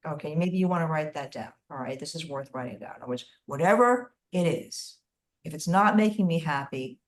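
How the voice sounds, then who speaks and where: Encouraging woman leading a webinar. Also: sits low. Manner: emphatic, encouraging, repeats phrases. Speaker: workshop leader. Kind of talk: guided group webinar. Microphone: video call.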